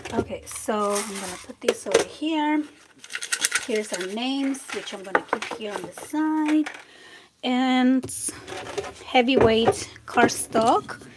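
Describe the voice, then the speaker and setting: A woman hosting a live crafting tutorial, chatty and relaxed, talking to viewers while she works. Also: on the high side, slow, very noisy. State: a bit out of breath. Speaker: craft channel host.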